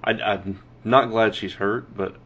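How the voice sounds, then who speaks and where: A young man from Texas co-hosting a wrestling podcast, chatting casually with a relaxed, easy laugh. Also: lowish voice, a little slow, slightly rough, highs cut off. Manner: relaxed, laughs easily, hedging restarts. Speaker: podcast co-host.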